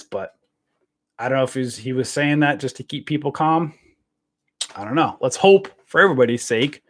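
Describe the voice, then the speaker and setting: A man hosting a casual live trading stream, rambling with lots of fillers and calling viewers guys. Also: mid-range voice. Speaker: trading show host. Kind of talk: casual livestream chat.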